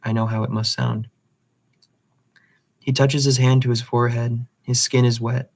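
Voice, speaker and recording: A man's voice: medium pitch, level tone, normal speed, darkish tone. A man reading a literary novel aloud, with occasional slips and restarts. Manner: reads dialogue plainly, with slips and restarts. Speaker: reader.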